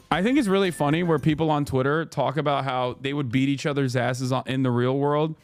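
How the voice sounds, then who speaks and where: A man in his thirties giving sarcastic, incredulous livestream commentary on posts, jumping to sudden high exclamations. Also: steady tone, brisk, hardly any pauses, faint music behind. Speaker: streamer reacting to posts.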